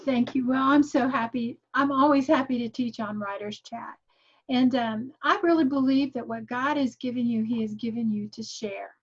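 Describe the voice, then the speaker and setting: A woman's voice: a little high, fairly even intonation, moderate pace, husky, muffled recording. A woman guest giving an online tutorial in an earnest, encouraging teaching manner. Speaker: guest teaching graphic design.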